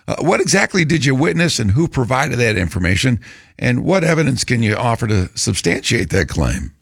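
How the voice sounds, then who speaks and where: A man's voice: medium pitch, big pitch swings, brisk, gravelly, a bit bright, breathy edge, dry recording, clean studio sound. A man hosting a talk radio show, questioning a guest conversationally with fillers. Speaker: radio host.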